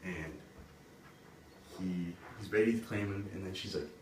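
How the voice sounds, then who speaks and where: A man retells a fairy tale in loose, chatty speech, leaning on "like" and "he's like". His low voice is picked up from a distance in a roomy space, with steady background noise. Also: measured pace. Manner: casual, full of "like" and "he's like". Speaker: storyteller.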